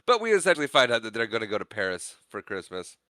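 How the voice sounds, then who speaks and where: A man's voice: lowish voice, fast talker, smooth, dry recording, clean studio sound. A man co-hosting a casual movie podcast, retelling scenes and acting out lines in playful voices. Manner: animated, acts out movie lines in silly voices. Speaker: podcast co-host.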